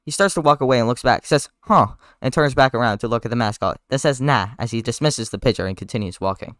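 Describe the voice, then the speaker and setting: A man's voice: medium pitch, quick pace, fairly bright tone, dry recording, studio quality. A man streamer reading a movie script aloud live, in a casual voice that sometimes stumbles over words.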